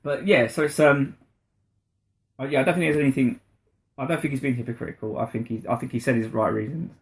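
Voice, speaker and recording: A man's voice: medium pitch, fast. A man co-hosting a podcast, retelling scenes in casual chat and acting out quotes. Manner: animated storyteller, acts out quotes. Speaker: podcast co-host.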